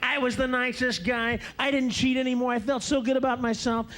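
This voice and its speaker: A man's voice: very high voice, fairly even intonation, fairly quick, a bit bright. A male stand-up comedian performing a ranting routine on stage, breaking into raw screams. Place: comedy stage before a live audience.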